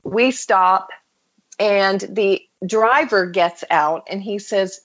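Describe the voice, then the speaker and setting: On a muffled recording, an American woman with a medium-pitched voice speaks slowly as a podcast guest. She tells a personal story in an interview, animatedly acting out the voices of the people she quotes.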